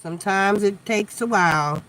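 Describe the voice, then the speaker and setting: A woman's voice: mid-range voice, moderate pace, a bit bright. A woman hosting a casual live tarot chat, blunt and chatty with free swearing, tired and yawning from lack of sleep. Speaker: tarot reader, live stream host.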